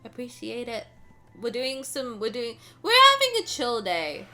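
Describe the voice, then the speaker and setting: A woman streaming a game chats casually with viewers, sounding tired, rambling, and self-deprecating. Her slightly high voice is sing-song, a bit slow, pushed and bright, with faint music behind her.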